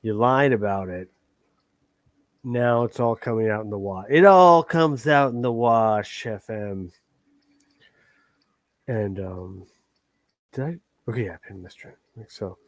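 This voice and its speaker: A man's voice: fairly low pitch, unhurried, long pauses, dry recording. A man hosting a livestream, ranting in a heated, profane and rambling way. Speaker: livestream host.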